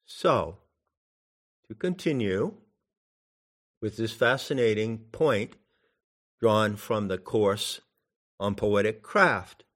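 A man giving a spoken meditation teaching in a deliberate, musing way, with long pauses between phrases. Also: on the low side, lively intonation. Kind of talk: spoken dharma instruction.

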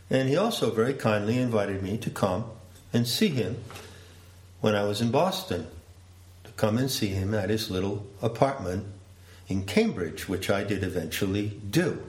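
Slow, deliberate male storyteller. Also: fairly low pitch, darkish tone. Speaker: speaker. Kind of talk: storytelling talk. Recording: roomy echo.

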